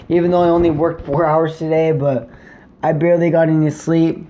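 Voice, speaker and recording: A man's voice: a little high, normal speed, mellow. A young man in a casual vlog, rambling through a story to camera with lots of swearing and filler words. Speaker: vlogger.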